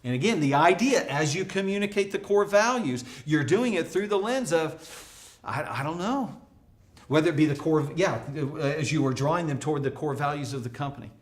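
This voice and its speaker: A man giving a motivational workplace leadership lesson, energetic and acting out little dialogues as he teaches. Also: fairly quick, hardly any pauses. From United States. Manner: energetic, acts out dialogue with pitch jumps. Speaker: leadership speaker.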